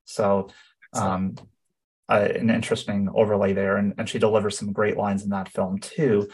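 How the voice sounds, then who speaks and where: A man with a low, husky voice co-hosting a podcast. He shares his thoughts in a casual way, with plenty of "um"s and "uh"s as he goes. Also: level tone, moderate pace, a little mellow. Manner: thoughtful, with frequent fillers. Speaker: podcast co-host. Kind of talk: casual conversational chat.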